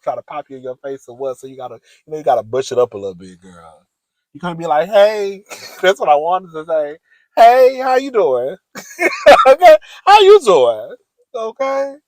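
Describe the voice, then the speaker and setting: Man, sassy gossip vlog, giggly, mid pitch, dry close sound. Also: quick pace, a little mellow, no echo. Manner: chatty, sassy, giggly, says "girl" a lot. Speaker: vlogger. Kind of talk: casual gossip chat.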